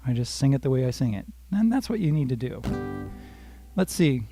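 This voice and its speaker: With guitar playing under his voice, an older guitar teacher leads a live-streamed lesson, explaining chords and strumming while chatting with viewers by name and softly singing lines. He speaks at medium pitch, a little fast, with big swings in pitch.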